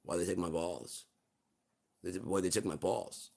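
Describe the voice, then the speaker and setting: A man's voice: low voice, steady tone, moderate pace, gravelly, warm tone. A man voicing a whiny, sad male chihuahua who keeps repeating his complaint. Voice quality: whining, repetitive.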